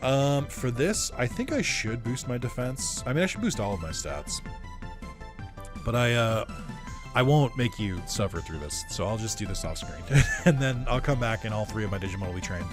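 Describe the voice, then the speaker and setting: A man's voice: mid-range voice, expressive, normal speed, over music. A man giving casual gaming commentary, rambling and laid-back with lots of fillers and some swearing. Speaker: let's play commentator.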